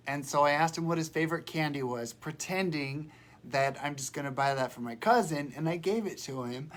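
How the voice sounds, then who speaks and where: A woman with a very deep voice talks at normal speed on a casual livestream from her home, picked up by a phone or webcam. She has a cold, sounds congested, and is fighting back tears.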